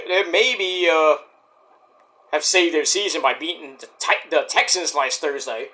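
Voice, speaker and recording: A man talking loosely to camera as he reviews the shows, narrating the action and trailing off into asides and curses. His voice has a bright, forward edge, and his delivery is unscripted and chatty. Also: a little high. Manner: rambling, profane, talks to himself about the action. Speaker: show reviewer. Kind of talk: casual running commentary while watching.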